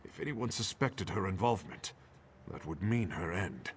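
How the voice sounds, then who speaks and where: An actor voicing a calm, scheming male ally in a video game, measured and commanding. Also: deep voice, a little hiss or hum.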